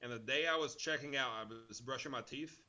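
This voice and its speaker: A man co-hosting a podcast tells a story in a relaxed, rambling way. His voice is bright and clear, and he swears as easily as he breathes. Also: mid-range voice, brisk, muffled recording. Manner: laid-back, profane storytelling. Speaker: podcast co-host. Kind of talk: casual chat.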